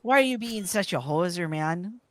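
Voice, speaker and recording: A man from Canada exaggerating his own Canadian accent into a folksy, ribbing Canadian guy with drawn-out vowels. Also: high-pitched, expressive, a bit bright, dry recording. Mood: teasing.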